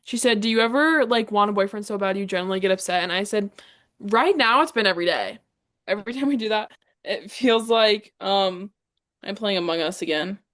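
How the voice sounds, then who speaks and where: A young woman co-hosting a casual podcast. She talks fast and rambles from one story to the next, at a mid-range pitch. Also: fairly bright tone. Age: young adult. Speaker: podcast co-host. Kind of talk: casual chat.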